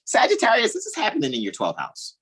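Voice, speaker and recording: A man with a husky, slightly breathy voice talks astrology over a video call. His pitch leaps and swoops as he explains. He speaks in a loose, animated way, often laughing. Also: fast. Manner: animated, laughing, thinking aloud. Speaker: astrology co-host. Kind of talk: casual astrology talk.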